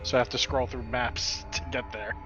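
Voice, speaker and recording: A man narrating as game master in a streamed tabletop game. He talks in a mid-pitched voice, halting, with frequent fillers and self-corrections. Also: level tone, lo-fi sound, music in the background. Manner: halting, with many fillers and restarts.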